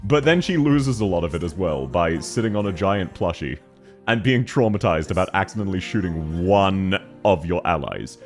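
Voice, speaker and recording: Animated, joking Australian man. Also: low voice, normal speed, faint music behind. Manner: joking, laughing often, crude banter. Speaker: game streamer. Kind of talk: casual livestream chat.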